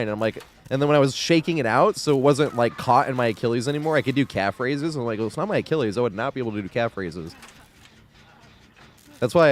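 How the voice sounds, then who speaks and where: A young man streaming a game live, chatting loosely with frequent laughs and casual swearing. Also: mid-range voice. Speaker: gaming streamer.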